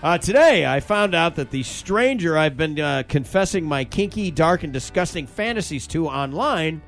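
A man's voice: on the high side, expressive, moderate pace, fairly bright tone, faint music behind. A man co-hosting a casual chat, reading short listener stories aloud with comic emphasis and bantering with his co-hosts.

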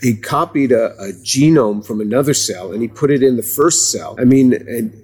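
A man's voice: mid-range voice, normal speed, a little mellow, breathy edge. A man being interviewed, explaining chemistry in a conversational way with frequent restarts and hesitations.

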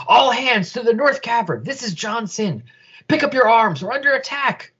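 A man voicing a panicked male soldier commander who shouts urgent orders. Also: medium pitch, very animated, fast talker, breathy edge, highs cut off, heavily acted.

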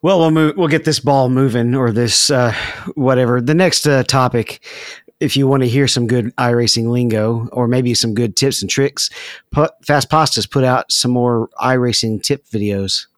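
Mid-pitched man, dry podcast sound. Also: normal speed, dry recording. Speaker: podcast co-host. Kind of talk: casual chat.

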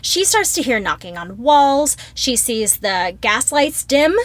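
A woman co-hosting a casual podcast chat, retelling a film with lively acted-out quotes. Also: a little high, measured pace, no echo. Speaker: podcast co-host.

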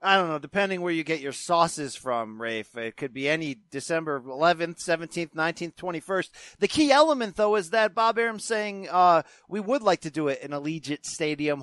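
A man's voice: on the high side, fairly bright tone, no echo. A man hosting a casual sports chat, tossing questions to his co-host with easygoing fillers. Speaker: podcast host.

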